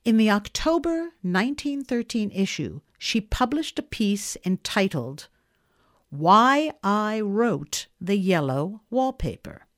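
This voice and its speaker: A woman giving a dramatic first-person reading of a short story, moving between hushed and intense. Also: mid-range voice, big pitch swings, slow pace. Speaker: audiobook narrator.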